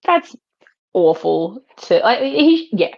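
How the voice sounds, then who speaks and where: A woman's voice: mid-range voice, sing-song, slow pace, creaky. A woman reacting emphatically in a casual podcast chat about a book. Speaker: podcast co-host. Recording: dull lo-fi sound.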